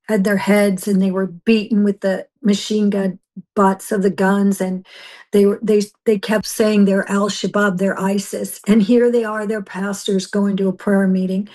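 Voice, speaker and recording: An older woman tells her story with fervent intensity, piling up restarts as she goes. Her pitch stays level and narrow throughout. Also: flat delivery, measured pace, dark tone. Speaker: missionary guest. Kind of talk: emotional personal testimony.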